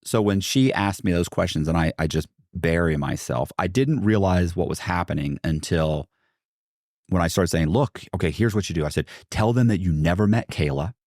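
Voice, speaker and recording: A man with a deep, low voice tells a long story as a podcast guest. He talks animatedly, slipping into the voices of the people he quotes, full of "like" and restarts. The sound is dry and close, with no room around it. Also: normal speed, a little mellow, dry recording.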